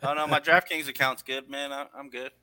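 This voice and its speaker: A man's voice: medium pitch, level tone, fairly quick, crowd noise, rough recording. A laid-back man chatting casually on a podcast, laughing easily and hesitating with fillers. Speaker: podcast co-host. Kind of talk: casual chat.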